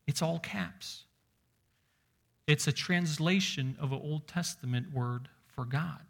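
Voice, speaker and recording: A man's voice: fairly high pitch, takes it slowly, vocal fry, fairly bright tone. A man preaching a sermon as pastor, emphatic and stressing single words, reading scripture aloud with rising force.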